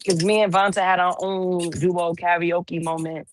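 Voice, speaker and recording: A slightly hoarse woman chatting casually as a call-in panelist, teasing playfully as she tells stories. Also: fairly low pitch, flat delivery, a little slow, slight background noise. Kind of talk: casual chat.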